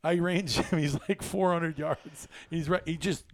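A man's voice: fairly high pitch, measured pace, no room sound. A man hosting a hunting chat, telling stories with lots of laughs and quoted voices. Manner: excited storyteller, laughs often, acts out quotes. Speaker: hunting podcast host. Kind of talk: casual storytelling chat.

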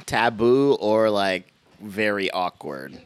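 A young man with a lowish voice, chatting on a podcast. He is laid-back and teasing, and he laughs easily. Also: lively intonation, takes it slowly, clean tone. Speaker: podcast co-host. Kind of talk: casual chat.

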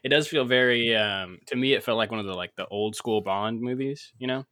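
A man's voice: mid-range voice, a little fast, bright, forceful tone. A man co-hosting a podcast in loose casual chat, rambling along with lots of fillers and restarts. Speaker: podcast co-host.

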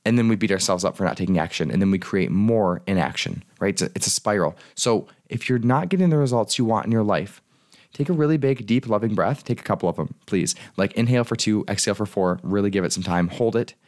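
A male coach in a solo podcast monologue, speaking in a lowish voice at a quick clip. He is casual and earnest, and tosses in the occasional swear word. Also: a little mellow. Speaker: life and business coach.

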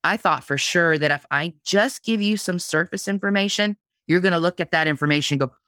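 A woman's voice: on the low side, brisk, hardly any pauses, sharp tone, no room sound, studio quality. A woman guest on a podcast interview, talking casually about her craft, with frequent restarts and repeated words. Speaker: guest, blogging teacher.

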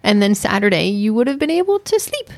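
Woman with a gravelly voice chatting. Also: medium pitch, sing-song, a little fast, dry recording. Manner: chatty and playfully insistent. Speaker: podcast co-host. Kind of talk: casual review chat.

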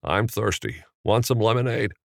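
A man's voice: lowish voice, moderate pace, gravelly, no echo, studio quality, voice pushed up. Man doing a folksy Jimmy Stewart drawl. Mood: genial. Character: Jimmy Stewart impression, folksy stammering middle-aged man.

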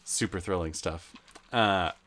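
A man chatting casually, telling stories from his old jobs in a lively way, swearing now and then. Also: sits low, unhurried. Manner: animated storytelling, swears, acts out customers. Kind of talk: casual chat.

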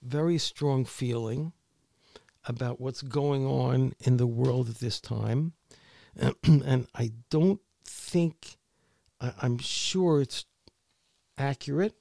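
Male author, interview guest; unhurried, gravelly, hesitant delivery. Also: medium pitch, dark tone, no room sound, clean studio sound. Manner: halting, repeats words often. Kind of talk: conversational interview.

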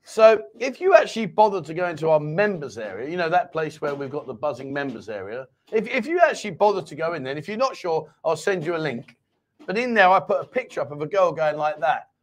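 A man's voice: on the high side, expressive, fast talker, a little hiss or hum. A man hosting a casual live-stream chat show, teasing his co-host and reading viewer comments aloud.

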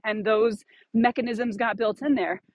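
Woman, podcast host, casual reflective chat, slightly high pitch, dry sound. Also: fairly even intonation, unhurried, dry recording. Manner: thoughtful, many fillers and restarts.

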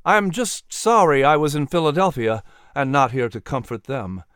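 A man doing a solemn colonial orator in a historical audio drama, mid-pitched and measured. He speaks with weighty, rhetorical conviction, recorded close and dry. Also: very animated, fairly bright tone, clean tone, dry recording. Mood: earnest. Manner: solemn, then impassioned rhetoric. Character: grave, fiery colonial orator and statesman.

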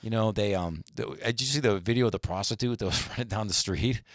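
A man co-hosting a podcast, chatting casually and retelling stories in an animated, rambling way. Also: fairly low pitch, fast, dry recording, clean studio sound. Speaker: podcast co-host. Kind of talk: casual chat.

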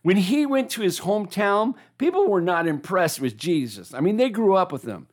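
Animated preacher calling for responses. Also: medium pitch, normal speed, few pauses. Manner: animated, calls the audience to repeat lines. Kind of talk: sermon.

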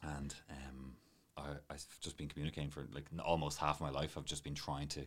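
A man's voice: extremely low pitch, level tone, a little fast. A man, a martial arts teacher chatting on a podcast in a rambling, self-deprecating way. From Ireland. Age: late 20s. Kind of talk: casual podcast chat.

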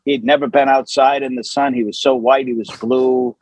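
A man, an actor, telling an anecdote in an animated, conversational way with lots of fillers. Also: mid-range voice, brisk, poor audio. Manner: animated, with many fillers and acted quotes.

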